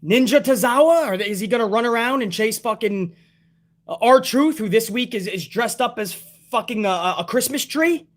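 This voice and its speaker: Profane, ranting man with a high voice. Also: lively intonation, normal speed. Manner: profane, exasperated, sarcastic ranting. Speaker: wrestling show reviewer. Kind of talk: casual ranting review.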